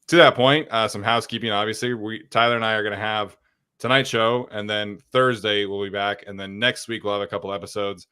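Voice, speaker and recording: A young man hosts a sports podcast in an easygoing, energetic chat. His voice is bright and crisp, sitting slightly low. He leans on fillers as he talks. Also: a little fast. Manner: energetic, chatty, many fillers. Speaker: podcast host.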